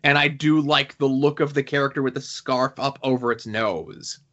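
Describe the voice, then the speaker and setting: A man's voice: mid-range voice, fairly even intonation, moderate pace, a bit bright, highs cut off. A man co-hosting a podcast, chatting casually and rambling with many fillers and asides. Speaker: podcast co-host.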